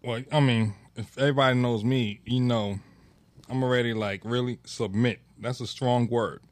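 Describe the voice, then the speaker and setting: A man's voice: mid-range voice, steady tone, normal speed, dry recording. Dry-humored podcast man. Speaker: podcast co-host. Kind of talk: casual chat.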